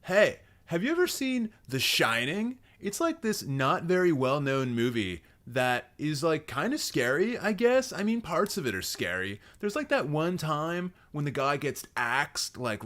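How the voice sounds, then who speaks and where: A man's voice: a little high, sing-song, unhurried, hardly any pauses, a bit bright, voice pushed up. A man voicing an obnoxious young bro who talks down about movies, rambling and filling his talk with "like". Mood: smug. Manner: condescending, rambling, full of "like".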